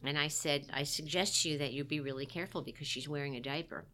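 A woman's voice: sits low, quick pace, pushed and bright. A middle-aged woman, a guest, recounting a personal story in a candid, wry, self-deprecating way.

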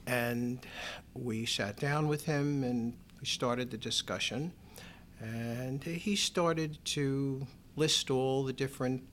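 A middle-aged man tells a personal story in an interview, measured and wry, raising his pitch to act out other people's lines. There's slight background noise.

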